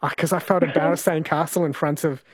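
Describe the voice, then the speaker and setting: A man's voice: a little high, steady tone, fast talker, dry recording, studio quality. A man hosting a casual talkback radio show, chatty and playful, taking calls and reading texts. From New Zealand. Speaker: radio host.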